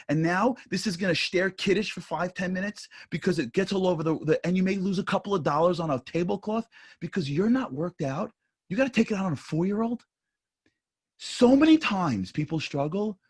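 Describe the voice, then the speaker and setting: Panel speaker, male, husky, lively pitch, emphatic. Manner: animated, emphatic, drops to soft asides. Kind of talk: impassioned panel talk.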